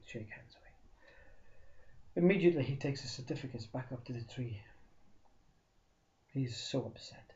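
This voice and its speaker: A man telling a story as a spiritual teacher, acting out the dialogue with sudden shifts from loud to whispered. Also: mid-range voice, normal speed, pauses often. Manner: acts out both sides of a dialogue, shifting loudness, drops to whispers. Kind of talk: storytelling talk. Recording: dull lo-fi recording.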